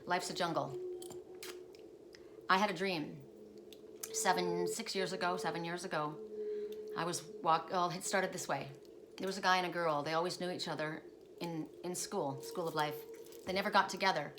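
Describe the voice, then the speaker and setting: A woman speaking in a slightly low voice tells a spiritual story at home in a loose, wandering way, often doubling back to fix her own words. A steady hiss of background noise runs underneath. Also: moderate pace, long pauses. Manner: rambling, self-correcting, digressive. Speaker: oracle card reader.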